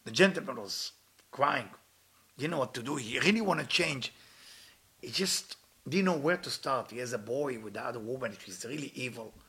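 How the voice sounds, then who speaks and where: Here the preacher speaks at a normal speed in a mid-range, pushed, bright voice with lively intonation. He is a spiritual teacher telling stories in a sermon, using non-native English grammar, earnest and occasionally breaking into impassioned pleas.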